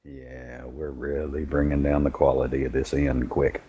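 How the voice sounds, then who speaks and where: Guy putting on a super deep gravelly dad voice, dark and husky, dry sound. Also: level tone, normal speed. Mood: sardonic. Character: gruff low-voiced father character.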